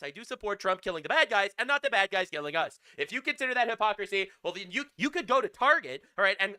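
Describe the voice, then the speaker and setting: Male streamer, high and very bright voice, crude sarcastic news rants. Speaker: live-stream news commentator. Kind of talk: ranting news reaction stream.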